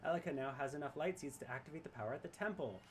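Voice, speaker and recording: A man's voice: on the high side, lively intonation, rapid-fire, a little hiss or hum. A man casually commenting on his gameplay and reading chat aloud, chatty and rambling and often laughing. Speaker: streamer.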